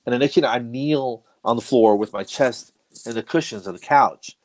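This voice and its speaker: A man's voice: medium pitch, expressive, moderate pace. A middle-aged man spins a rambling, self-mocking story in easy conversation. He chuckles between lines as he talks. His voice sits in an ordinary middle range. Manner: self-deprecating, laughs through his stories. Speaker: comedian guest. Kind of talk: casual storytelling chat.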